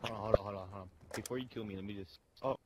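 A man's voice: on the low side, fairly even intonation, racing, very noisy. A man playing along as a teammate, laid-back and teasing, laughing often in casual banter. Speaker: teammate in the game. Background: loud music and game gunfire.

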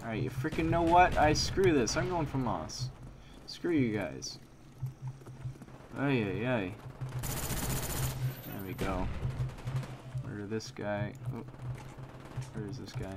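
A man's voice: mid-range voice, sing-song, slow, long pauses, background noise. A young man giving live gameplay commentary, reacting and muttering to himself, repeating phrases as he plays. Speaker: gaming commentator. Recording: game gunfire loud behind voice. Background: game gunfire and explosions.

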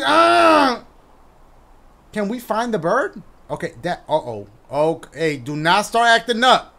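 A man giving loud, excitable commentary as he plays a horror video game, shouting reactions and cracking jokes. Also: high-pitched, slow, creaky, slight background noise. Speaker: gaming YouTuber. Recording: music playing behind the voice.

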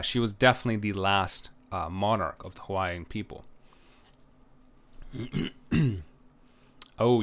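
A man's voice: lowish voice, fairly bright tone, clear, resonant tone. A man giving a recorded history lecture, rambling with many filler sounds and frequent "right?" checks.

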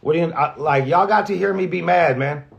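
A man, a radio host, talks candidly and off the cuff, halting and restarting often, with lots of profanity and earnest emotion. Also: a little high, gravelly, muffled recording, slight background noise. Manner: halting, rambling, heavy profanity, frequent restarts; earnest, emotional about being grateful. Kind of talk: candid off-the-cuff vlog talk.

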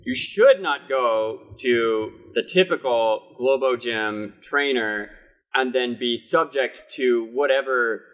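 Joking Midwestern podcast co-host. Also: male voice, medium pitch, slow pace. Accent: Midwestern American. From Iowa, US Midwest. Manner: joking, animated storyteller. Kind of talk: casual chat.

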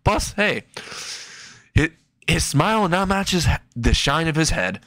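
Creepy young goth girl, put on by a male storyteller, teasing and flat-out blunt. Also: on the high side, measured pace, no echo, pitched above the performer's own voice, full character voice.

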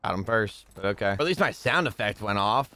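This is a young man commentating a shooter match he is playing. His voice is bright and lively, jumping between low muttering and high yells of frustration. Faint gunfire and game sounds stay in the background. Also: brisk, slight background noise. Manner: talks to viewers, bursts into yelling rage at deaths. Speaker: gaming streamer. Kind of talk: casual gameplay commentary.

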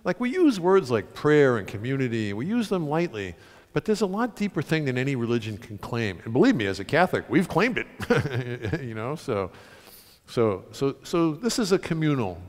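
A man from the United States, an author telling stories and reading aloud to an audience, animated, with sudden loud bursts. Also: medium pitch, moderate pace. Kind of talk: storytelling talk and reading to an audience. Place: large concert hall with an audience. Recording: long hall reverb.

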